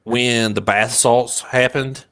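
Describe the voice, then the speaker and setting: A man in a casual chat with friends, telling stories excitedly and swearing. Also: medium pitch, slow.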